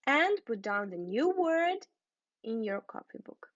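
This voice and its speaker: A woman teaching an English lesson, spelling out and repeating words slowly and carefully for learners. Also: a little high, very animated, no echo, dull audio.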